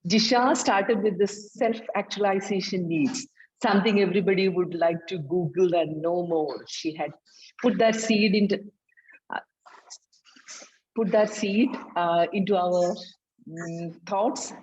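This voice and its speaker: A woman giving a grammarian's report at a club meeting, halting now and then with fillers. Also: fairly low pitch, steady tone, a little mellow, lo-fi sound.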